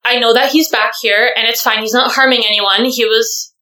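A woman from Portugal, a flight attendant, telling stories in casual podcast chat, animated and full of "like" fillers. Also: fairly high pitch, moderate pace. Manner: animated storyteller, many "like" fillers. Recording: echoey room.

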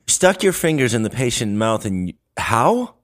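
A man's voice: mid-range voice, sing-song, moderate pace. A man hosting a podcast, teasing his guests with prodding questions. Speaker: podcast host. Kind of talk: casual podcast chat.

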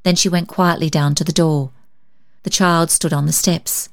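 A woman narrating a storybook in a measured, gentle reading style. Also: low-pitched, fairly even intonation.

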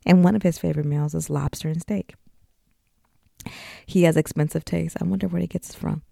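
A woman in her forties hosts a podcast, talking frankly and with emotion straight to her listeners in a candid personal way. Her low voice is creaky and dark, steady in tone and fairly quick. It's studio-quality audio with no echo.

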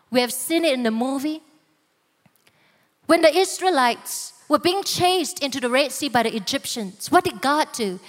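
High-voiced woman preaching in a hall. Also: a bit bright. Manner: dramatic, slow emphatic delivery with voiced quotes. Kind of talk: sermon.

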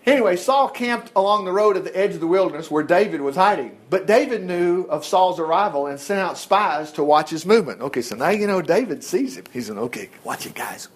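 Animated man, higher voice, informal Bible lesson with playful asides. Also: fairly quick, few pauses, husky. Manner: animated storytelling, acts out voices, jokes and chuckles. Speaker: Bible teacher.

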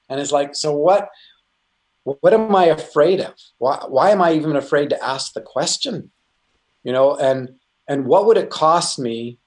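A middle-aged man teaching about faith in an earnest, conversational way, full of restarts and asides. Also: medium pitch. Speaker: Christian speaker.

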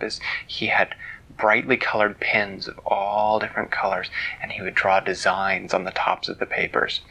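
Male bedtime storyteller, playful and hushed, gravelly edge. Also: fairly low pitch, low-quality recording. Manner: gentle and playful, drops to hushed whispers.

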